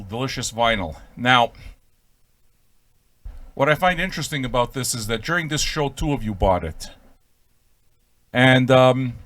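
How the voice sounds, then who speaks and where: A middle-aged man hosting a casual radio show, rambling and swearing in a jokey way, with sudden loud bursts. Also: mid-range voice. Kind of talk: casual profane radio banter.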